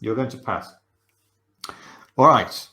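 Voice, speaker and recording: A man's voice: medium pitch, expressive, takes it slowly, pushed and bright. Man hosting a board game stream. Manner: patient, explanatory, frequent "uh" fillers. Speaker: game show host explaining rules. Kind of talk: casual rules explanation on a streamed show. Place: remote stream over video call. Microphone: video call mic.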